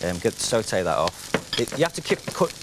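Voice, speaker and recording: A man's voice: on the low side, very animated, moderate pace. A man with a Liverpool accent, a chef chatting casually while he cooks, rambling with lots of restarts and fillers. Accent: Liverpool (Scouse). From Liverpool, England. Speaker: chef guest. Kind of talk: casual chat while cooking on air. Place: TV studio kitchen. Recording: noisy sizzle behind voice. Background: frying and sizzling pan.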